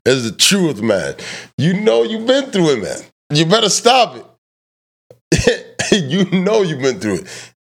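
Podcast host, man, loud and profane, swoops all over his pitch, casual banter. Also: wildly swooping pitch, a little slow, creaky. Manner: loud, joking, swears freely, teases his guest. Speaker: truck driver.

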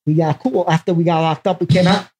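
A man's voice: fairly high pitch, steady tone, fast, over a noisy crowd. A man from Brooklyn, a podcast guest speaking in a laid-back way and often repeating himself. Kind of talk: casual podcast chat.

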